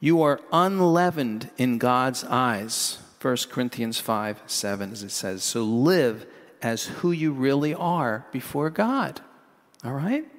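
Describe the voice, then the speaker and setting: Rambling preacher in a reverberant hall. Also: male voice, medium pitch, lively intonation, takes it slowly. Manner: conversational, rambling, with asides and laughs. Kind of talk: sermon.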